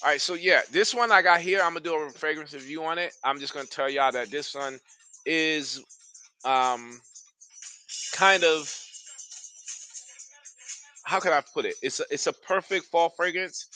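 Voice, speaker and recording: Bright-voiced man chatting about fragrances. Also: fairly high pitch, moderate pace, pauses often, soft background music. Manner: loose, slangy and enthusiastic, talks straight to viewers. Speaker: fragrance reviewer streaming live. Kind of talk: casual live-stream chat.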